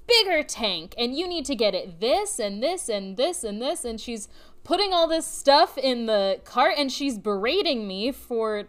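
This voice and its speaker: A woman in her twenties telling an animated, flustered story in a casual chat. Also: fairly high pitch, a little slow. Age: 20s. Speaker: podcast co-host.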